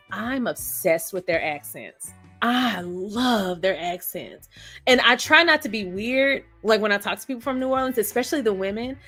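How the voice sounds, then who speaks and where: A woman's voice: medium pitch, fairly bright tone. A woman hosting a live stream, chatting casually, laughing often and greeting viewers by name. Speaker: host of a live stream discussion. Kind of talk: casual live chat reading viewer comments.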